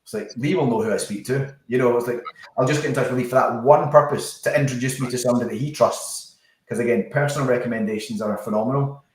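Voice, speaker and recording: A man's voice: medium pitch, quick pace. Chatty man in an echoey room. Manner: chatty, laughs easily, trips over words. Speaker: podcast guest, business founder. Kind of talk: casual podcast chat. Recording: echoey room, far from the mic.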